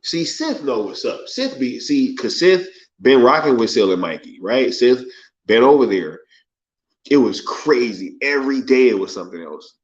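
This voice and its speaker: A man's voice: medium pitch, sing-song, moderate pace. A man hosting a casual live stream, reading viewer comments aloud and reacting in a laid-back, slangy way, tagging lines with "yo" and "right?". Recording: muffled lo-fi stream audio.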